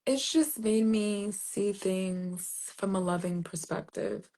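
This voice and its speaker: A woman poet, interviewed, shares a personal story in a casual, earnest, reflective manner, full of "like"s and restarts. Her medium-pitched voice is slow and dark-toned, with fairly even intonation.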